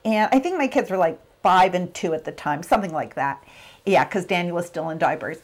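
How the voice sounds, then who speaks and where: A woman's voice: fairly low pitch, fairly quick. A middle-aged woman giving a motivational talk, telling a personal story and acting out the quotes. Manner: animated storyteller, acts out quotes. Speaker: motivational speaker.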